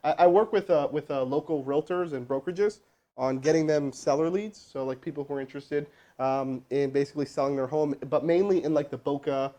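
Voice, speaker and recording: Speaking a little fast in a slightly high voice, this man places a live cold sales call before turning to coach his team. The talk is casual, full of fillers and restarts, and his delivery is lively and meandering.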